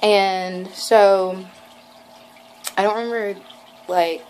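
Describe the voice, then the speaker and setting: A young woman vlogging, telling a rambling, excited story full of "like" and quoted lines. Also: medium pitch, extremely slow, a little hiss or hum, poor audio. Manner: gushing, rambling, lots of "like" and acted quotes. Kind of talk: casual storytelling vlog.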